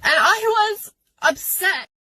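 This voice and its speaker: A woman's voice: very high voice, lively intonation, takes it slowly, bright, forceful tone, dry recording, rough recording. A young adult woman venting about a workplace conflict in a personal video, upset and tearful, with nervous laughter breaking through. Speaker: worker recounting a conflict. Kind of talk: emotional personal vent video. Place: outdoors at a beach.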